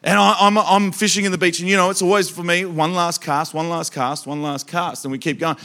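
A man with an Australian accent preaching a sermon, telling comic stories in an animated, joking way and talking straight to the crowd. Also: high-pitched, a little fast.

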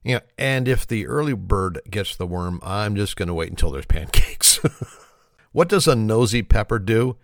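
A man's voice: fairly low pitch, expressive, normal speed, no room sound, clean studio sound. A man telling corny one-liners and a long shaggy-dog joke, laughing at his own punchlines and apologizing for them. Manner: self-deprecating. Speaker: joke teller.

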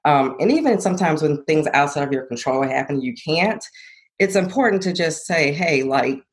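A woman's voice: deep voice, animated, fairly quick. A young adult woman answers interview questions in an earnest, reflective way. She thinks aloud, circling back to her points, and laughs easily now and then. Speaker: guest, former college athlete turned entrepreneur. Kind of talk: conversational interview.

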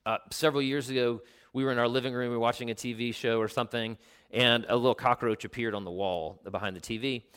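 This pastor's voice is medium in pitch, steady, clear, and resonant as he preaches. He tells lively stories, explains the original Greek, and sinks into a quiet, slow voice for emphasis.

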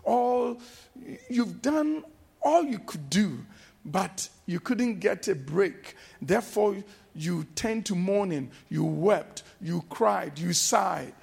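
A man preaching a sermon as pastor, slow and emphatic, repeating refrains and breaking into shouted exclamations. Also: high voice, animated, vocal fry, slightly rough.

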